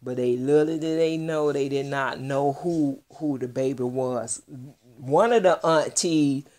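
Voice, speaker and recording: Slow, gushing woman vlogger. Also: very deep voice, warm tone. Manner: gushing, heartfelt and chatty. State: close to tears. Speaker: doll collector vlogger. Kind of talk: casual vlog reveal.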